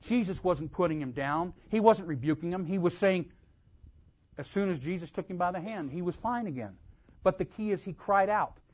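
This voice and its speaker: A man's voice: high voice, expressive, moderate pace, highs cut off. Emphatic man preaching. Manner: preaching with loud emphatic swells. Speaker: pastor. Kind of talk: sermon.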